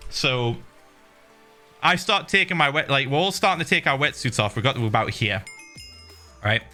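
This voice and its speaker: A man hosting a livestream, telling a story in casual chat, animated and laughing, with swearing and many fillers. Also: a little high, normal speed, pauses often, faint music behind. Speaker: livestream host.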